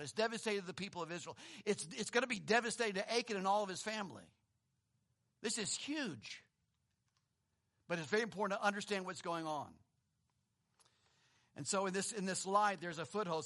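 Male pastor, conversational sermon, rhetorical questions, high bright voice. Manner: reads scripture aloud, swings between emphatic and hushed.

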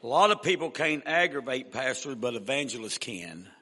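A male evangelist telling a humorous story in a sermon, folksy and animated. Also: medium pitch, moderate pace. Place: church. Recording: echoey church hall.

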